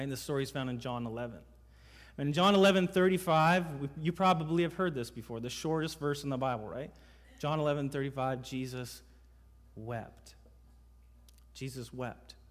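A male pastor preaching an emphatic sermon, his voice sitting a little higher than most men's. He leans on rhetorical questions to draw the congregation in. Long reverb carries his words around the church. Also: a little fast. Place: church sanctuary. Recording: reverberant hall sound.

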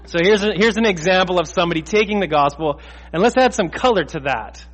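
A man preaching in a church, his slightly higher voice carrying with a long reverb around the sanctuary. He is earnest and emphatic and hammers his points home by repeating them. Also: lively intonation, quick pace, fairly bright tone. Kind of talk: sermon.

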